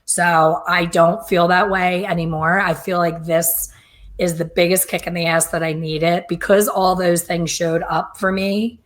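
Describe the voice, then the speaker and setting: A woman's voice: on the low side, level tone, measured pace. A middle-aged woman telling stories in casual chat, often quoting others in a chatty way. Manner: chatty, storytelling, quotes others. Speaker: hair color educator.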